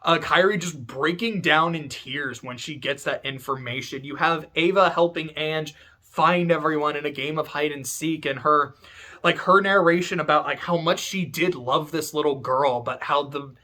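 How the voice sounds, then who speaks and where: Fairly high-pitched, bright and forceful at a moderate pace, this man narrates a story for his video essay from a room at home. He's chatty and rambling, swears, and leans heavily on "like" and other fillers.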